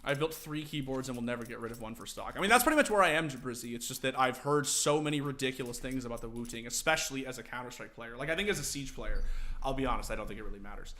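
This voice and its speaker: A young man casually streaming, teaching game tactics to his chat, animated and profane. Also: mid-range voice, fast. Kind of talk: casual livestream commentary.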